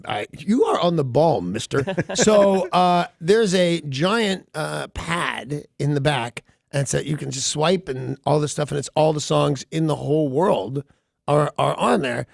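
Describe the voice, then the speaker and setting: Male radio host, wry self-mocking storyteller, a bit high and gravelly, dry booth. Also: lively intonation, a little slow, dry recording. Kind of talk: casual morning radio chat.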